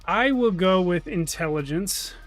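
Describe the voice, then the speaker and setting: A man's voice: high-pitched, lively intonation, a little slow, faint music behind. A man playing a tabletop role-playing game, chatty and joking, asking the game master questions. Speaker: player. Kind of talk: casual tabletop play.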